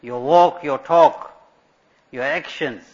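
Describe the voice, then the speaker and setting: Slow-paced and a little mellow, this man's voice sits on the high side as he preaches as an Islamic scholar. He weaves in stories, rhetorical questions and Arabic religious terms. The recording sounds dull and lo-fi.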